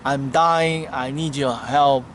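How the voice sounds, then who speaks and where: A man's voice: fairly even intonation, takes it slowly, a bit bright, slight background noise. A man voicing a starving male scorpion in a spoken fable, crying out and pleading for help. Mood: begging. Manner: shrill pleading cries.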